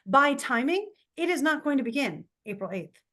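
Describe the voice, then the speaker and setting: A woman's voice: high-pitched, very animated, moderate pace, sharp tone. A woman co-hosting a casual podcast, speaking earnestly and with heartfelt emphasis. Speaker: podcast co-host, astrologer.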